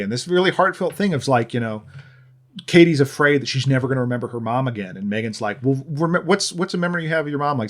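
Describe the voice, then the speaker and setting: A man co-hosting a podcast, talking in a rambling, sardonic way with lots of fillers and restarts. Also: medium pitch. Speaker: podcast co-host. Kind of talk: casual chat.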